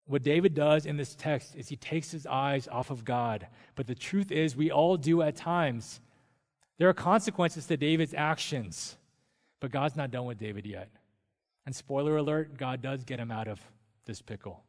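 A man preaching a sermon as a pastor, telling stories in a relaxed, conversational way. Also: medium pitch, normal speed. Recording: long reverb of a church hall.

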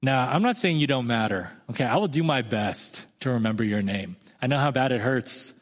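A man's voice: medium pitch, expressive, brisk. A man in his thirties preaching a sermon as a pastor, talking in a conversational, self-deprecating storytelling way. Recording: long hall reverb.

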